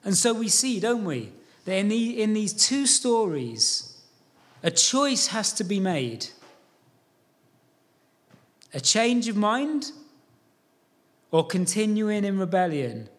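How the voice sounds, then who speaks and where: Man, pastor, sermon, very high voice, slow delivery, earnest, urging. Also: sing-song. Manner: earnest, urging, call-and-response questions.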